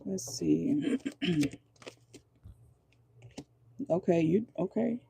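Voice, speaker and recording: Woman tarot reader, hoarse and gravelly, casual and profane, dark husky tone. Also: on the low side, expressive, drawn-out words, slight background noise. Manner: chatty, frequent "okay?" check-ins, swears casually. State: voice going hoarse. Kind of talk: casual tarot reading monologue.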